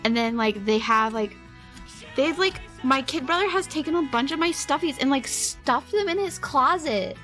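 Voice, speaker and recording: A woman's voice: high voice, animated, normal speed, fairly bright tone, faint music behind. Rambling young woman streamer, light voice. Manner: rambling, giggly, heavy use of "like". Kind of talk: casual storytelling to a live chat.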